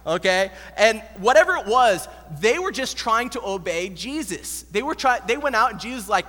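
Animated slangy guy preaching, high voice, big echoey hall. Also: normal speed, hardly any pauses. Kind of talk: sermon. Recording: echoey hall with long reverb.

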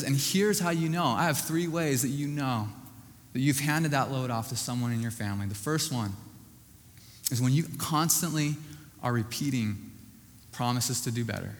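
Man, preacher, emphatic sermon, repeats phrases, hushed line endings, long hall reverb. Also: mid-range voice. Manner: repetitive, emphatic, drops to a hushed voice at line ends.

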